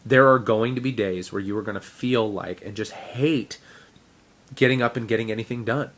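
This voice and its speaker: At a moderate pace, the teacher gives a fitness update to camera in a fairly low voice with a slightly bright tone. He rambles casually, using frequent fillers and restarts and dropping self-deprecating asides.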